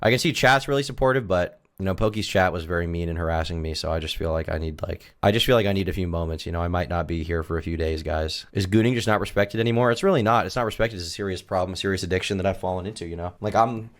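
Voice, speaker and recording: Fast-talking deep-voiced man ranting. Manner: melodramatic, self-pitying, deadpan. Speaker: streamer. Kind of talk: mock-serious livestream rant.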